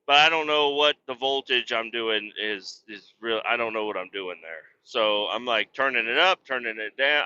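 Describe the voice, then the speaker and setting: A man's voice: mid-range voice, sharp tone, smooth, muffled recording. A middle-aged man hosting a podcast, rambling casually, swearing a lot and laughing at himself. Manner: profane, self-deprecating, laughs often. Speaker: podcast host.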